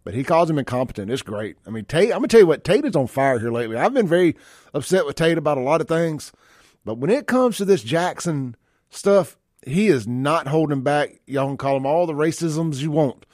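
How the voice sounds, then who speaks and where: A man's voice: a little high, expressive, a little fast, darkish tone, dry recording, studio quality. A man hosting a talk radio show, chatting bluntly and reading listener texts aloud. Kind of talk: casual talk radio chat. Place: radio studio.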